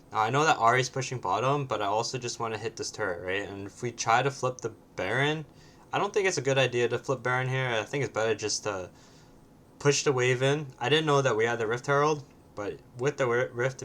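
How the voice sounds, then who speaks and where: A man with a mid-range, slightly bright voice casually comments on his own match, with a little hiss or hum in the audio. He often ends points with a questioning "right?" and now and then swears bluntly.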